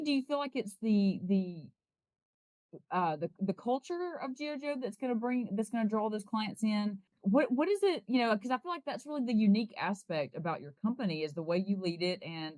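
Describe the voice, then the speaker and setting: A woman's voice: medium pitch, no echo, poor audio. A woman hosting a podcast interview, asking long, conversational questions that she rephrases as she goes. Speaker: podcast host.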